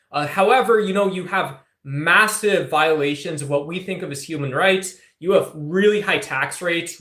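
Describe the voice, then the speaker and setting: A man's voice: a little high, fairly bright tone, reverberant. A man hosting a casual political livestream, talking back to chat in a combative, teasing way, full of fillers and restarts. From Southwest United States. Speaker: livestream host answering chat.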